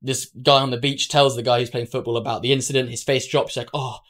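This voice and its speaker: A man's voice: medium pitch, flat delivery, fast, a bit bright. A young man from London, a podcast co-host, telling a travel mishap story in casual chat and acting out the dialogue. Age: young adult.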